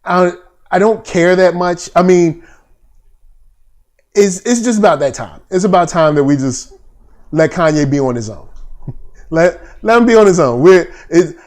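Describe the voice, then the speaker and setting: A man's voice: high-pitched, animated, measured pace, pauses often, a little mellow. A man co-hosting a casual commentary show, talking bluntly in slang with lots of restarts. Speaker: podcast co-host.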